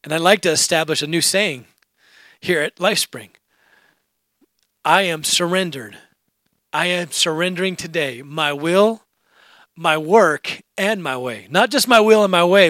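High-voiced bright man preaching. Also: normal speed, dry recording, studio quality. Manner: animated, laughing, building to shouted praise. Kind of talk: sermon with personal testimony. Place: church.

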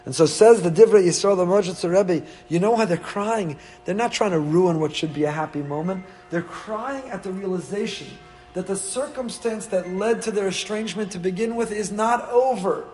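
A man's voice: sits high, moderate pace, a little mellow. A man, a rabbi giving an emphatic Torah sermon, full of rhetorical questions and rising with feeling.

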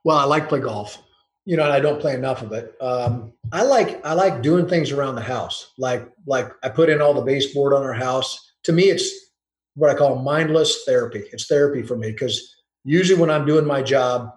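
Talking at normal speed in a mid-range voice, a male football coach shares rambling anecdotes, restarting often and chuckling along. This casual storytelling interview has roomy sound and a rough recording.

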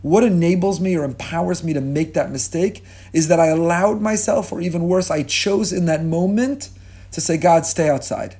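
Rabbi guy preaching, fired up, kinda husky, mellow tone, keeps repeating stuff for emphasis. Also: fairly high pitch, normal speed. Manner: impassioned, rhetorical, repeats key words for emphasis; mixes Hebrew and Yiddish terms into his talk. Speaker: rabbi teaching a class. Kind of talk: sermon.

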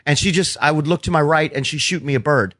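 A man's voice: a little high, fast talker, no echo, clean studio sound. A man, a stand-up comedian, telling heckler stories in casual podcast chat, swearing freely and acting out quotes. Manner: profane, animated storytelling with acted-out quotes.

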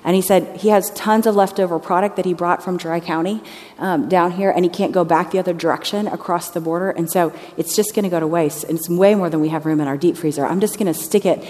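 A lower-pitched woman preaching a sermon as a missionary. She tells a story in a lively, anecdotal way and slips into the voices of the people in it. Her voice rings out with a long hall reverb. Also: quick pace. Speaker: missionary speaker.

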